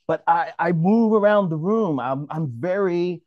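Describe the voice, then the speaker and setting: Casting: animated male moderator from New York, slightly high voice, muffled dry call audio. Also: a little slow, no echo. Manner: animated, restarts often, calls on others. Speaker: mediator leading a roundtable. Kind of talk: casual discussion, moderating.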